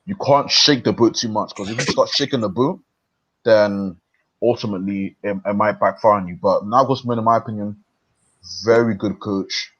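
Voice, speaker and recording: A man on a football stream lays out his take slowly, pausing and restarting often. His voice sits on the low side. The audio is dull and lo-fi, as from a home stream. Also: husky. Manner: thoughtful, halting, many fillers. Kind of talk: casual football analysis.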